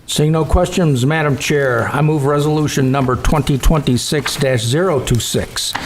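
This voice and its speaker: A man serving as a town councilor, reading motions and resolutions in a measured, formal way. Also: on the high side, slight background noise.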